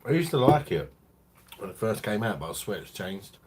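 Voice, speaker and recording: A man's voice: fairly low pitch, sing-song, moderate pace, slight background noise. A man hosting a beer review live stream, chatting casually in a crude, rambling way and laughing often.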